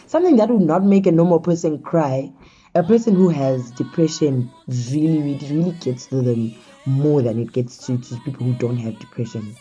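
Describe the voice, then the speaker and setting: A woman's voice: deep voice, lively intonation, moderate pace, mellow, lo-fi sound, faint music behind. A woman hosting a casual talk show, speaking conversationally and often calling her listeners "guys". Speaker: host.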